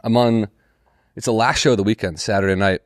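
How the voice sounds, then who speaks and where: A man's voice: fairly low pitch, brisk, no echo, clean studio sound. A young man co-hosting a podcast, telling a story in casual chat, swearing and acting out the people he quotes. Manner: animated, swears a lot, acts out quotes. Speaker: comedian podcast co-host.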